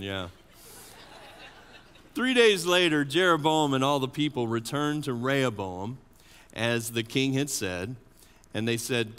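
A man preaching a sermon as an associate pastor, animated and often asking the congregation questions. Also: mid-range voice, smooth. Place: church sanctuary. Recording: long church reverb.

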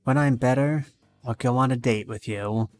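A male streamer reading both sides of a game's dialogue aloud, with some lively rises. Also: mid-range voice, moderate pace, faint music behind.

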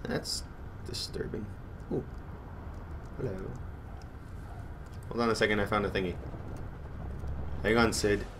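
A man's voice: lowish voice, fairly even intonation, a little slow, pauses often, noisy background. A man giving goofy, rambling gameplay commentary and talking to himself as he plays. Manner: goofy, rambling, talks to himself while playing. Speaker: gaming channel host.

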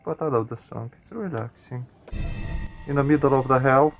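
A man with a gravelly, mid-range voice talks his viewers through a horror game. He sounds nervous and on edge, swearing often and tacking man and guys onto his lines as he reacts. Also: mid-range voice, moderate pace, faint music behind. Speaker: gaming channel host.

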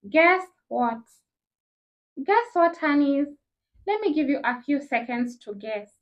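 A young woman with a Kenyan accent tells a casual storytime in a high voice. She jumps between English and Swahili slang and acts out each person in the story. The recording sounds slightly dull and lo-fi. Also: takes it slowly. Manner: animated, acts out dialogue with shifting voices. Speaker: vlogger.

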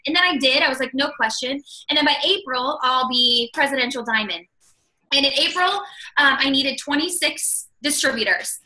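A woman's voice: high voice, fairly quick, pushed and bright, poor audio. A woman in her thirties telling her personal success story on a call, chatty and upbeat, with many "like"s and "you guys". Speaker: guest speaker.

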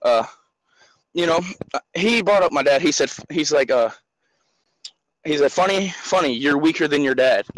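A man's voice: a little high, expressive, moderate pace, pauses often, no echo, poor audio. A man in his twenties calling into a live stream, ranting angrily and swearing nonstop. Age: 20s. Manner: furious, profane, shouting. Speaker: caller. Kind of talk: angry rant on a live call-in stream.

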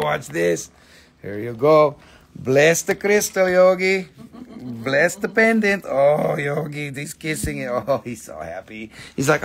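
A man's voice: fairly high pitch, gravelly, breathy edge. A man casually hosting a live-stream crystal sale, joking around, swearing loosely and repeating himself. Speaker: host selling crystals.

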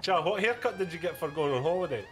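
A Scottish man jokes and teases his friends during a racing game, his fairly high voice bouncing around a lot. He slings crude jabs in a casual chat, with game music playing clearly behind him. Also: expressive, fast talker. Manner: teasing, crude banter. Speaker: gamer.

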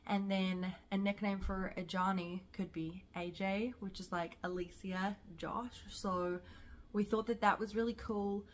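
A woman's voice: mid-range voice, steady tone, measured pace, slight background noise. A young woman from South Africa with a New Zealand accent, chatting casually and enthusiastically to camera as a vlogger.

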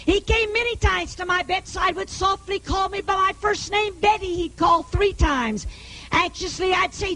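A woman preaching her healing testimony to a live audience, emphatic and often rising to a shout. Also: very high voice, normal speed, faint music behind, low-quality recording. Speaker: evangelist giving her testimony.

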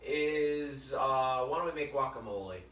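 A chatty male chef talks viewers through a live cooking demo, joking and calling them folks as he goes. His voice sits at a middle pitch, picked up from a distance in a roomy, echoing space. A faint hiss of noise runs underneath. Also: measured pace, a bit bright. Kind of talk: live cooking demonstration with storytelling. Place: kitchen or library demo room.

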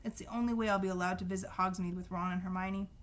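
A cool-headed teenage boy from a storybook, as a woman reads him. He talks calmly and chooses his words with care. The reader keeps close to her own middle-pitched voice. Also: quick pace, natural voice. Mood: calm, pleading.

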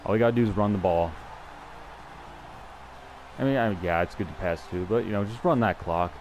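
A man's voice: fairly low pitch, fairly quick, darkish tone, slight background noise. Chatty young man commenting on gameplay. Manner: chatty, self-deprecating, thinks aloud with restarts. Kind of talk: casual live gameplay commentary.

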